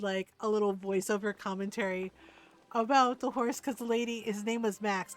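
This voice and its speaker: Chatty woman streaming a life-sim game. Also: medium pitch. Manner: chatty, rambling, trails off into ums. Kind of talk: casual chat while playing.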